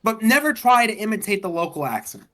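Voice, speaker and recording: A man's voice: high voice, sing-song, fast talker, fairly bright tone. A man chatting on a game stream, arguing points in a careful, lecturing way. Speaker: streamer co-host. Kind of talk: casual chat while gaming.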